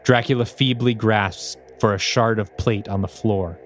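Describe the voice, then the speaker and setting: A man co-hosting a podcast, reading aloud a screenplay he wrote in steady, descriptive narration. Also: on the low side, unhurried, faint music behind. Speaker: podcast co-host.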